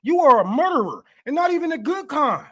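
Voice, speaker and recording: High-voiced man ranting, profane and heated. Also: big pitch swings, fairly quick, bright, forceful tone. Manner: stammering, laughing, heated. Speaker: podcast host.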